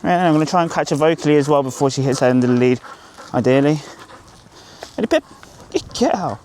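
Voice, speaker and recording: A man's voice: on the high side, lively intonation, fast, a little mellow, a little hiss or hum. A man working as a dog trainer, coaching an owner outdoors on a group walk. He is upbeat and encouraging, with sing-song praise for the dog.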